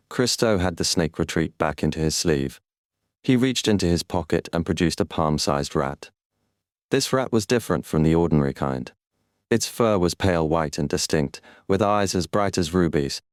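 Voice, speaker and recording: Deep-voiced male audiobook narrator. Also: clear, resonant tone, no room sound, studio quality. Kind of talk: scripted narration.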